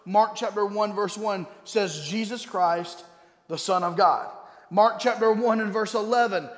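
A man preaching a sermon as pastor. He is emphatic, slows down to stress key words and drops suddenly to a quiet voice. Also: high-pitched. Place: church sanctuary. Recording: echoey hall with long reverb.

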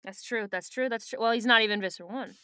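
A woman's voice: on the high side, fast talker, bright, forceful tone, clear, resonant tone, dry recording, clean studio sound. A woman co-hosting a podcast in casual book-club chat, talking with lots of fillers and offhand swearing. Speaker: podcast co-host.

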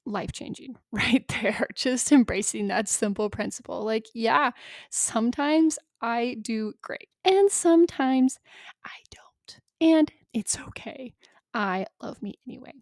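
A woman's voice: a little high, animated, slow pace, vocal fry, no room sound, studio quality. A woman hosting a solo coaching podcast, talking casually and self-deprecatingly with frequent laughs and fillers.

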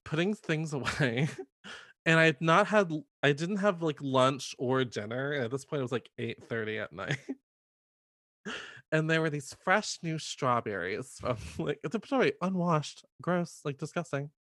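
A man with a fairly high, lively voice tells stories in a loose, chatty way, laughing easily and leaning on "like". The sound is dry and close. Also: normal speed, no echo. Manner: animated, laughs often, fillers of "like". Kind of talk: casual storytelling chat.

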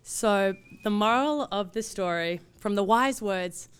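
An Australian woman in her thirties, a producer, telling a personal story in an animated way and acting out the voices of the people in it. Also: medium pitch, slow, clear, resonant tone.

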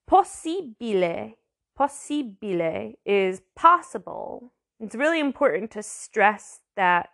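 A woman giving a casual language lesson, chatty, sounding out words slowly and repeating them. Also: medium pitch, big pitch swings, vocal fry, fairly bright tone. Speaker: language teacher.

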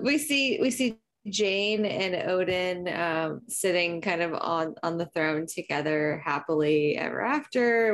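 Expressive woman on a comics podcast. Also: mid-range voice. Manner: expressive, laughing, swearing freely. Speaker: podcast co-host. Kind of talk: casual comic book discussion.

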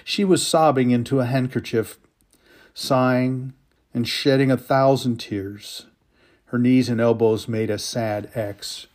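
A man reads a story aloud with slow, emotional weight and long pauses. His voice sits at an ordinary middle pitch. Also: steady tone, darkish tone. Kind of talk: dramatic story reading.

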